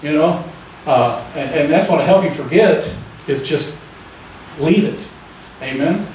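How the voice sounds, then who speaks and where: A man's voice: fairly high pitch, unhurried, darkish tone, a little hiss or hum. Folksy preacher man in echoey church. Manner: folksy, keeps asking the crowd "amen?". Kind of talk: conversational sermon. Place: church sanctuary. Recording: echoey church room, mic at a distance.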